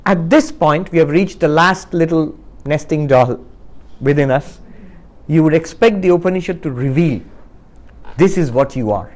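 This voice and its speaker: A man giving a spiritual talk to a live audience, telling a story and acting out its characters with lively shifts of voice. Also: on the high side. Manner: asks the audience questions. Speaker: spiritual teacher.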